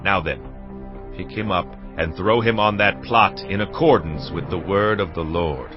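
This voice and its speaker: Zealous king, played by a man, forceful and commanding, lowish voice, dull recording. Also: a little slow. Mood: stern. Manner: forceful, issuing orders. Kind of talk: dramatized scripture reading. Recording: dull lo-fi with music beneath.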